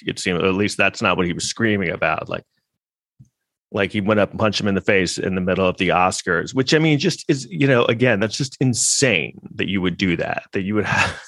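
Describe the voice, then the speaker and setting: Man, host, casual commentary, sarcastic, profane, rambling, lowish voice, dry sound. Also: fairly bright tone, no room sound. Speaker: podcast host. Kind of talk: casual commentary reacting to clips.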